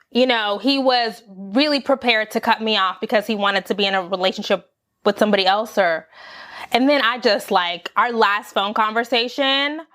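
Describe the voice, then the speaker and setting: A young adult woman candidly telling a personal story to camera, acting out her own past lines. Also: a little high. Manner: candid, animated, acts out her own quotes. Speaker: vlogger.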